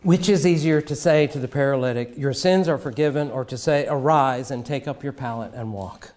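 A middle-aged man preaching a sermon, with dramatic pauses and sudden drops to a hush. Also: mid-range voice.

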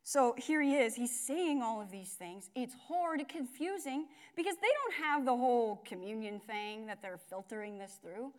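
Speaking at a church gathering, a high-voiced young woman preaches informally. Her talk is loose and conversational, dotted with filler words, side comments and rapid self-corrections.

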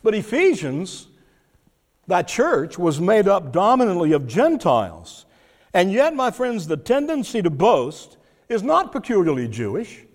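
Slow, lively-voiced preacher in a hall. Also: male voice, high voice. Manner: deliberate teaching with restarts and fillers. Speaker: pastor. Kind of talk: expository sermon. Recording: long hall reverb.

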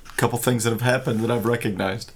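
A man's voice: mid-range voice, steady tone, fast, breathy edge. A man hosting a casual talk show, rambling and joking, often laughing. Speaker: podcast host. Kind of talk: casual chat.

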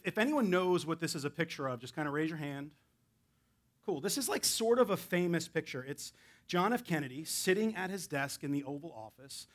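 A man preaching as a guest pastor in a church, casual and chatty with self-deprecating asides. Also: fairly high pitch. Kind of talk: sermon. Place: church sanctuary.

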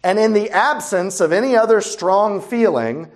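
A man's voice: high-pitched, normal speed. A middle-aged man preaching a sermon as a pastor, in a conversational, wry, humorous way and throwing rhetorical questions at his listeners.

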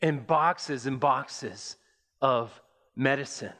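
A man preaching a sermon, telling an imagined story slowly and deliberately, with pauses. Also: mid-range voice, bright, forceful tone. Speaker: pastor. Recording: long hall reverb.

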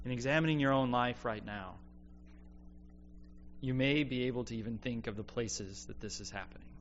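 A man delivers a sermon in an earnest, reflective manner, letting his voice sink low and quiet on key points. The recording is a bit dull and lo-fi, with a faint hum underneath. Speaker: preacher.

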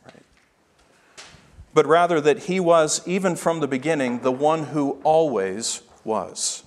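A pastor delivers a sermon in a somewhat high voice. He preaches emphatically, slowing down to press home his key phrases. His words ring out with the long reverb of a large hall.

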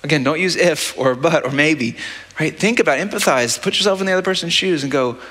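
A man's voice: a little high, fast, fairly bright tone, slightly rough. A man preaching a sermon as pastor, talking in a conversational, practical way and often checking in with the listeners by asking "right?". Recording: long church-hall reverb.

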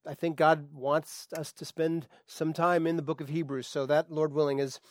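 Chatty pastor with a higher voice. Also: male voice, moderate pace, no echo, studio quality. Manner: relaxed, chatty, with frequent restarts and fillers. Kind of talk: conversational sermon.

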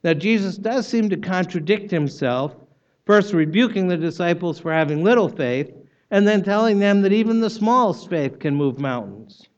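Emphatic preacher man, high voice. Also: expressive, moderate pace, dull audio. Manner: emphatic, rising loud for stress and dropping soft at ends. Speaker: pastor. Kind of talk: sermon.

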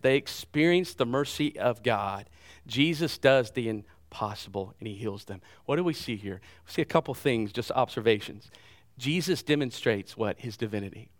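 A middle-aged man preaching a sermon as pastor, animated, with loud bursts and repeated words. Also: medium pitch.

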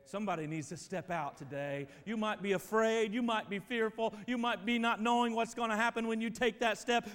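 Pastor, male, high voice, emphatic sermon delivery, big echoing church sound. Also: fairly even intonation, fairly quick, hardly any pauses. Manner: emphatic preaching, swings from loud to quiet. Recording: long reverb of a church hall.

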